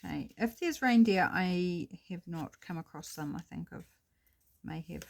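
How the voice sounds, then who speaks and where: This is a middle-aged woman with a New Zealand accent, talking to her viewers in a relaxed, chatty way while she crafts. Her voice sits fairly low for a woman. She muses aloud as she works, in an easy home-video manner. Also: measured pace, gravelly. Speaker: crafting vlogger. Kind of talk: casual crafting narration.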